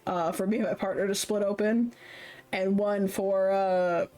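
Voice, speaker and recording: A woman streamer in her late twenties talks casually and at length, drifting from one thought to the next. She laughs often and swears freely. Her voice sits at an ordinary mid pitch. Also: fairly even intonation, measured pace, warm tone. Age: late 20s. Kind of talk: casual chat on a live stream.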